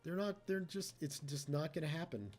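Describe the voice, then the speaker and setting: A man talks through a strategy game in casual let's play commentary, chatty and teasing his computer foes. His voice sits a little high and mellow, rising and falling in a lively way. Faint game music plays softly behind him. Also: normal speed. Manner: chatty, taunts the computer opponents.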